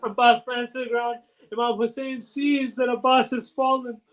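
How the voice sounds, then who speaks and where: A male preacher recounts a sacred story with solemn, emotional narration. His voice sits unusually high for a man, and the story unfolds at a steady sermon pace. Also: normal speed, poor audio.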